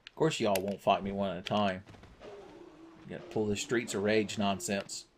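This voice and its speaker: A man's voice: lowish voice, flat delivery, normal speed, a little hiss or hum. A man commentating his video game play with crude, sarcastic jokes. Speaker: gaming channel host.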